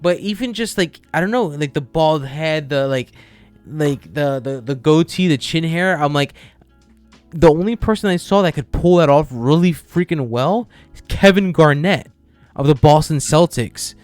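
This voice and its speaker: A man with a somewhat high voice rambles eagerly through a casual podcast chat, full of "like" and restarts. Soft music plays in the background. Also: normal speed, no room sound. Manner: rambling, filler-heavy, enthusiastic. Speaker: podcast co-host. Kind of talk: casual chat about games.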